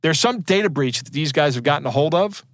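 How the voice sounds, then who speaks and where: A man's voice: fairly high pitch, lively intonation, quick pace, no echo, clean studio sound. A man co-hosting a podcast in casual chat, digressing and restarting his sentences, with a chuckle between points. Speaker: podcast co-host.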